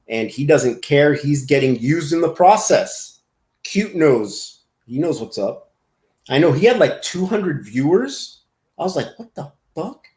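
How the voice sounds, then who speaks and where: A man's voice: mid-range voice, darkish tone, roomy sound. A man hosting a casual livestream, rambling and laughing as he reacts to chat comments. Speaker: livestream host.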